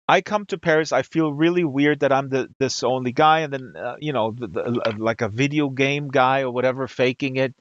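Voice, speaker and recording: A man's voice: mid-range voice, dry recording, dull audio. A man from Germany, hosting a livestream and telling a long story to his chat, with lots of fillers and restarts. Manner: rambling, many fillers and restarts. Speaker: livestream host. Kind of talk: casual storytelling to a live chat.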